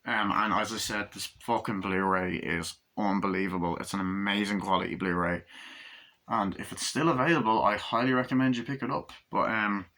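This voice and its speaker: A man casually reviewing a film, rambling and acting out the characters' lines in quick little voices, swearing freely. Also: lowish voice, fairly even intonation, pushed and bright. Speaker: movie reviewer.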